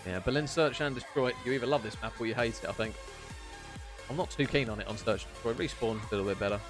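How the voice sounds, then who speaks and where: A young man giving live esports play-by-play as a caster, chatty and quick to banter between rounds. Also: medium pitch, music in the background.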